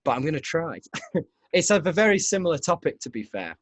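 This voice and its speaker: A man's voice: fairly high pitch, very animated, brisk, dry recording. A man hosting a podcast, telling a rambling story in casual chat, often laughing. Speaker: podcast host.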